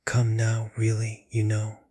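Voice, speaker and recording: A man voicing a frail, coaxing old man in a breathy whispered role-play. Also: on the low side, monotone, measured pace, mellow, no room sound.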